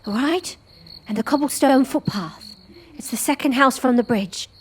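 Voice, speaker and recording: A woman's voice: high voice, normal speed, husky, pitched above the performer's own voice. A woman voicing a frantic, caring older woman who gives urgent, breathless, whispered orders. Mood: hushed urgent.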